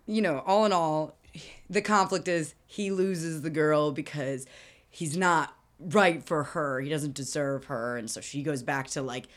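A woman's voice: deep voice, steady tone, measured pace. A young woman co-hosting a casual chat about a movie, laughing often, swearing, and acting out scenes. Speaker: podcast co-host.

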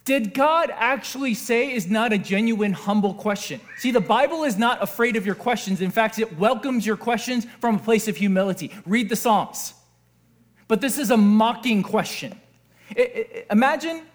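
A male pastor delivers a sermon in a lively way, stopping often to put questions to his listeners. His speaking voice sits very high for a man. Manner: animated, asks the audience questions.

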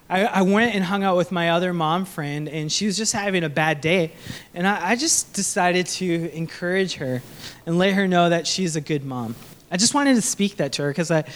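A young Sri Lankan pastor with a high voice preaches earnestly and conversationally, frequently restarting sentences and posing questions to the audience.

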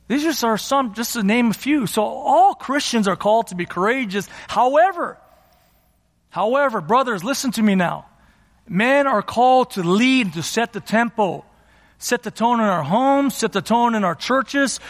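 Man, pastor, sermon, very high voice, emphatic, repeats himself, long hall reverb. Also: fairly bright tone. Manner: emphatic, exhorting, repeats phrases. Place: church sanctuary.

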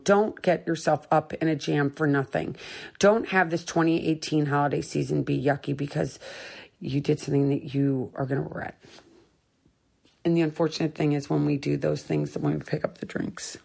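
Husky, creaky and darkish, this middle-aged sobriety podcast host's low voice moves at a moderate pace. She gives a candid personal monologue, earnest and encouraging, going back over her points.

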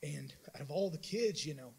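Husky-voiced man telling a mission story. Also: fairly high pitch, moderate pace, rough recording. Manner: animated storytelling with many restarts and acted-out quotes. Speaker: church member giving a mission trip report. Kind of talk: informal sermon testimony.

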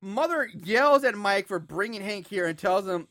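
A man's voice: high voice, animated, moderate pace, pushed and bright, dry recording, studio quality. A man co-hosting a podcast, recapping a movie plot with sarcastic asides. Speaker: podcast co-host.

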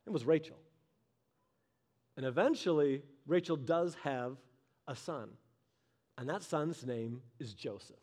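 Man, sermon, high voice, funny and conversational, acts out characters. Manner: animated storytelling, acts out characters in quick voices; humorous and conversational. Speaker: pastor.

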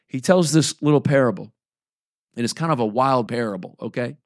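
A pastor in his forties delivers a sermon in a relaxed, chatty way, reading scripture and then breaking off to check in with the listeners. His voice sits at an ordinary middle pitch for a man. It is recorded close and dry, with no room sound. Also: a little fast, no echo. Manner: conversational preaching with frequent checks like "right?" and "okay?"; reads scripture aloud between plain-spoken asides.

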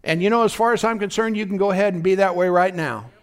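A man's voice: high voice, quick pace, clean tone. A man preaching a fervent sermon as pastor, often breaking in with "praise God" and asking if the congregation is listening.

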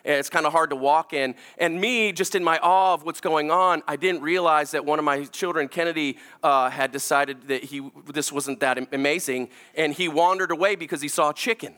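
A man in his forties preaches to his congregation in a church. His voice sits high and bright. He moves from lively, self-mocking storytelling into quiet, earnest appeals. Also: brisk, few pauses. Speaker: pastor. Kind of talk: storytelling sermon.

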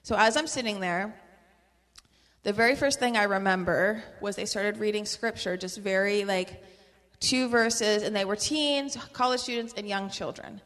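A woman's voice: mid-range voice, moderate pace, a bit bright, big-room sound. A woman telling her personal religious testimony in a fervent, earnest way, full of "like" fillers and small laughs. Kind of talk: personal testimony in casual conversation.

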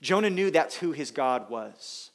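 A man delivers a sermon in an earnest, emphatic manner, and his voice sits a little higher than most men's. He slows down and pauses for weight, then presses points home with repetition. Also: expressive. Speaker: preacher.

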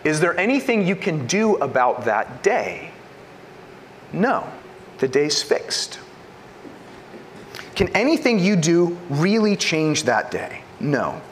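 A man preaching a sermon, asking rhetorical questions and swinging between loud emphasis and hushed lines. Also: fairly high pitch, very animated, takes it slowly, pauses often, a little hiss or hum. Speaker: pastor.

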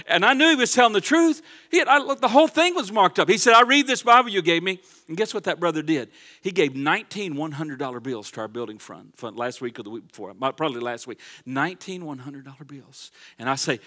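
High bright-voiced preaching man. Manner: preaching with big swings from loud to hushed. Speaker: pastor. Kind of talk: sermon. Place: church sanctuary.

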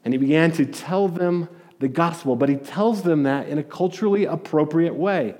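A man's voice: fairly high pitch, normal speed, darkish tone. A man preaching a sermon in a conversational, storytelling way, often restarting his words. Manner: storytelling, acting out voices in quotes. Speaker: pastor.

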